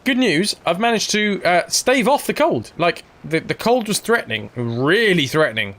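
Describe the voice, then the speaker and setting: A man's voice: sits high, big pitch swings, fairly bright tone. Chatty man streaming a game. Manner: chatty, thanks viewers, quick asides. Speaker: streamer playing a role-playing game. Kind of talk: casual game commentary.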